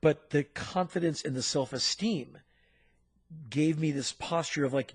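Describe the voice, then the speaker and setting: A man co-hosting a podcast, telling a story in an animated, punchy way with sound effects. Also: on the high side, measured pace, slightly rough. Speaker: podcast co-host. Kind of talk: storytelling in casual chat.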